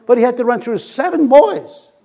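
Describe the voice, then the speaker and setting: A male pastor telling a story in a sermon, lively and anecdotal, chuckling at his own jokes. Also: very high voice, moderate pace, creaky.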